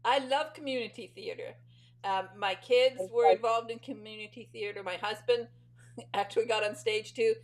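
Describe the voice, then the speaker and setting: A woman's voice: fairly high pitch, fairly even intonation, normal speed, low-quality recording. Chatty middle-aged woman host. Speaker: interview host. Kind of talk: casual interview chat.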